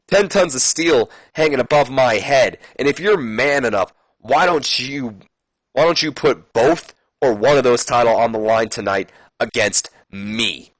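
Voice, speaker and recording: A man's voice: mid-range voice, a little slow, no room sound, natural voice, poor audio. A man voicing a brash male wrestler's challenge in a raised, pushy tone while reading a scripted promo. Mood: taunting. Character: brash cocky male wrestler calling out a rival.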